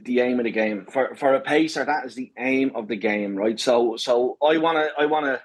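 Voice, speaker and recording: A man with a Dublin accent tells stories as a podcast guest. His voice is slightly husky and sits at an ordinary pitch. He swears freely, jokes constantly and checks in with "right?" every few phrases. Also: moderate pace, low-quality recording. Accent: Dublin Irish. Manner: swearing banter, lots of "right?". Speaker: podcast guest, marathon pacer. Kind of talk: casual storytelling chat.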